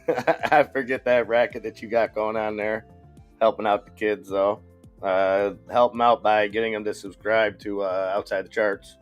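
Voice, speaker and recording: A man's voice: on the low side, steady tone, moderate pace, faint music behind. A man co-hosting a live stock market stream, chatting casually, reading viewer comments and often restarting his sentences. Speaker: stock market livestream co-host.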